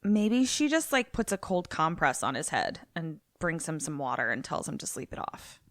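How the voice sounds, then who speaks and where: A young adult woman co-hosting a podcast, chatting casually and thinking out loud. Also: deep voice, very animated, moderate pace, dry recording, clean studio sound. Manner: chatty, reacts and guesses aloud. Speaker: podcast co-host. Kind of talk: casual chat.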